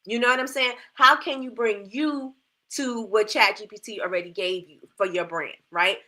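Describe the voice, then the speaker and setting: A woman's voice: medium pitch, normal speed, pushed and bright. A woman hosting a casual livestream, coaching her audience in a chatty way with lots of rhetorical questions and repeated phrases, her mouth dry from a new retainer. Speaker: livestream host.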